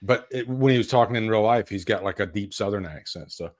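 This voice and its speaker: A man's voice: lowish voice, fast talker. A man hosting a live horror news stream, chatting casually and laughing often. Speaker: podcast host.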